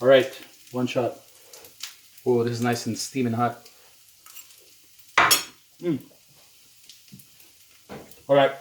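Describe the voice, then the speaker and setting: A man's voice: mid-range voice, level tone, slow pace, long pauses, recorded from a distance, very noisy. Chatty man cooking over a sizzling pan. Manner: chatty, talks to the viewer with lots of "you know". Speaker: home cook vlogger. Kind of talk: casual cooking video talk. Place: home kitchen. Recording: roomy kitchen sound, voice off-mic, loud sizzle. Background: food sizzling in a pan.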